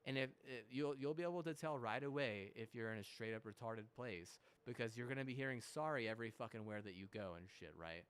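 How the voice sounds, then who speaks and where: A young man rambles through his gaming session in a loose, profane stream of talk. He restarts sentences constantly and leans on fillers. His voice sits at an ordinary middle pitch. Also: fairly quick, hardly any pauses, a bit bright, clear, resonant tone. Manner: heavy swearing, frequent restarts and fillers; mocking mimicry of apologies. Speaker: gamer.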